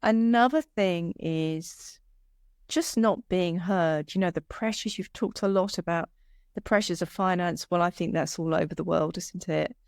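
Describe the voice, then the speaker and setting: A woman's voice: on the low side, measured pace, dry recording, clean studio sound. A woman, a guest arborist, giving earnest, practical answers in a conversational interview. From United Kingdom.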